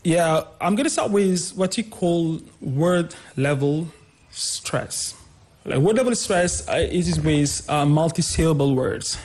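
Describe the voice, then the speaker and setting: A man's voice: on the high side, takes it slowly, a little mellow. A man teaching English pronunciation, explaining word stress and repeating each example word several times.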